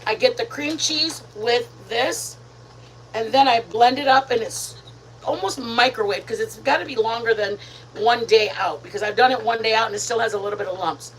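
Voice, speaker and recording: A woman's voice: fairly high pitch, normal speed, rough recording. Woman, live-stream cook, home kitchen, casual rambling chat, bit of background hiss. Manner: chatty, rambling, addresses viewers as "you guys". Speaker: host of a live cooking stream.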